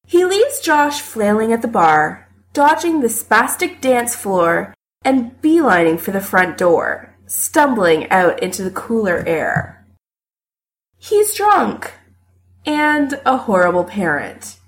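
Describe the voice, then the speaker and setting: Brief: woman story narrator, slow and deliberate, very lively pitch. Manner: expressive storytelling. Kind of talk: story reading.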